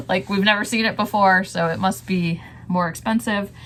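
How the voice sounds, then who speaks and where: A woman's voice: medium pitch, steady tone, normal speed, a bit bright. Chatty woman showing thrift finds. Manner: chatty, rambling, laughs often. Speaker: reseller vlogger. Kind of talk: casual thrift haul chat.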